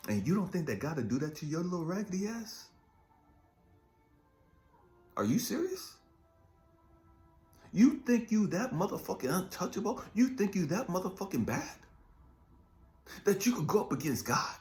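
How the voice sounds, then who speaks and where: A man preaching an impassioned spiritual pep talk as a life coach, profane and confrontational, firing rhetorical questions and dropping from shouted rants to low muttering. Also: very animated, normal speed. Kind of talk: impassioned motivational preaching monologue.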